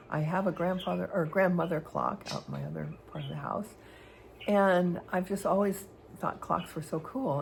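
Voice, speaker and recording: Low gravelly-voiced woman musing candidly. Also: a little hiss or hum. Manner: rambling, hesitant, with many fillers and restarts. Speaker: vlogger. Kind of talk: candid personal storytelling.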